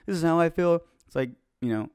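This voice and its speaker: A man's voice: a little high, animated, a little fast, a little mellow, clean tone, no echo, studio quality. A man co-hosting a casual podcast, chatty and loose, full of "you know" fillers. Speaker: podcast co-host. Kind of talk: casual chat. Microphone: webcam.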